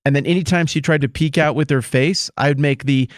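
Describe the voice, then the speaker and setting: A man's voice: mid-range voice, normal speed, hardly any pauses, no echo, studio quality. A man co-hosting a podcast, riffing through playful, exaggerated hypotheticals in casual chat. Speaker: podcast co-host.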